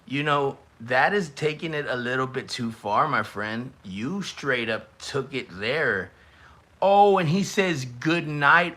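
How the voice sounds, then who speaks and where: A young man with a bright, forward, medium-pitched voice reacts to roasts in his live-stream chat. His commentary is loose, excitable, and teasing, and at big moments he shouts or stretches words out for effect.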